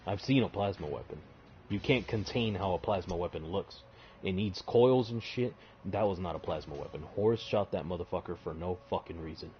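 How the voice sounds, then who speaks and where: A gruff veteran male soldier insists in a low, lowered voice, swearing as he argues, as a man puts him on in a lore retelling. It sits near a plain speaking voice. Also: brisk, lo-fi sound, a little hiss or hum, natural voice. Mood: indignant.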